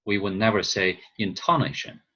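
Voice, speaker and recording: A man whose first language is Chinese, teaching a class over a video call and explaining slowly with frequent pauses and fillers. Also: low-pitched, a bit bright, husky, dull audio. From China. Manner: slow, hesitant, thinking aloud with fillers. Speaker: instructor.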